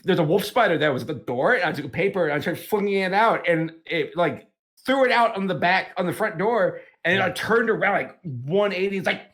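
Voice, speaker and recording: A man hosting a podcast, chatting in a jokey, animated way and acting out little quotes. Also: sits high, brisk. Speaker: podcast host. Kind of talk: casual podcast chat.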